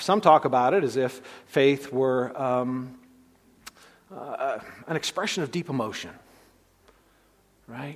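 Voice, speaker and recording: A man's voice: mid-range voice, lively intonation, unhurried, pauses often, breathy edge, in a large hall. A man preaching an expository sermon in a conversational teaching way, often checking in with "right?" and restarting his sentences. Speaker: pastor.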